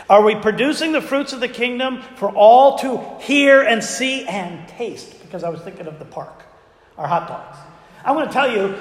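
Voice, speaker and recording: A man preaching a sermon to his congregation in a conversational way, asking them frequent rhetorical questions. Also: extremely high pitch. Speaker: pastor. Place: church sanctuary. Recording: echoey church hall with long reverb.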